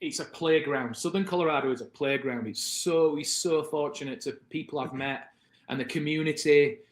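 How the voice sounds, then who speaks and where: A British man in his thirties tells a long story on a podcast and jumps into the voices of the people in it. His voice sits a little high for a man. The room around him is echoey. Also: moderate pace. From Britain. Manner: animated, acts out the voices of people in his stories. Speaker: podcast guest. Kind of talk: casual storytelling.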